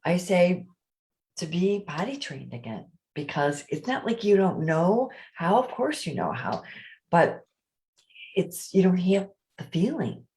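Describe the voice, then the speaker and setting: A woman with a raspy voice, a guest telling her personal story openly and chattily in an interview. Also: lowish voice, very animated, measured pace, a little mellow, poor audio. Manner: open, chatty storyteller who acts out quoted voices.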